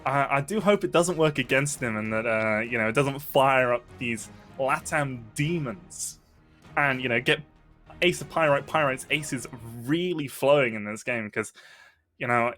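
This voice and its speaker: A man's voice: mid-range voice, moderate pace, a bit bright, faint music behind. Dry, teasing male esports caster. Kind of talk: live tournament commentary.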